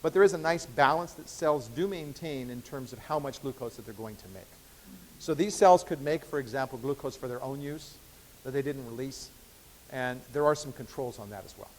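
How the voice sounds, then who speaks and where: In a mid-range voice at normal speed, a male biochemistry professor lectures conversationally, stumbling through fillers and restarts. The lecture hall echoes, and there's slight background noise.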